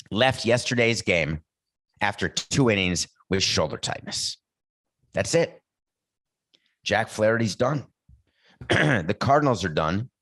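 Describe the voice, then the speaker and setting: A man's voice: fairly low pitch, a bit bright, dry recording. A middle-aged man hosting a sports talk show, giving blunt, emphatic opinions off the cuff. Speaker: podcast host.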